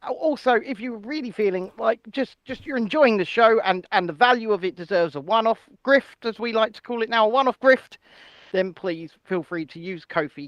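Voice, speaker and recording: Man, co-host, jokey banter, high voice, dry close sound. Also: dry recording, lo-fi sound. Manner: jokey, animated, plugs support links. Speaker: podcast co-host. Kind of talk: casual banter.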